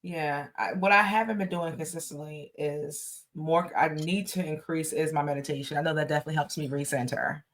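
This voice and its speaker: Low-voiced teasing woman co-host. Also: fairly even intonation, brisk, hardly any pauses. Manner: laughing, teasing, candid. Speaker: podcast co-host. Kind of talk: casual podcast chat.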